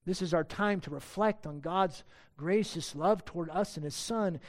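A man's voice: high voice, normal speed. A pastor preaching a sermon to his church, earnest and emphatic, asking many rhetorical questions.

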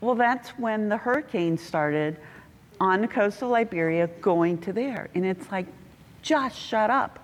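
A middle-aged woman telling animated stories about a mission trip, breaking into acted voices, in a church hall. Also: measured pace. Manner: animated, laughing, acts out quotes with big pitch jumps. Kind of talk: casual storytelling. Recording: reverberant hall.

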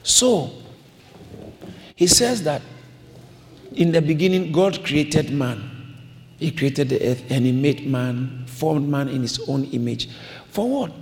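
A man's voice: fairly high pitch, lively intonation, takes it slowly, pauses often. A man preaching a sermon, emphatic and repetitive, calling on the congregation to repeat his lines. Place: church hall. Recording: long reverb of a large hall.

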